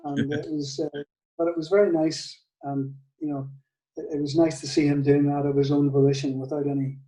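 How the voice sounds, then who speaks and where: Older Northern Irish man, mellow, echoey. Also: fairly high pitch, little pitch movement, fairly quick, far from the mic, soft background music. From Northern Ireland. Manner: hesitant, many restarts and soft laughs. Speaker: guitar maker, guest. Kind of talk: casual storytelling interview.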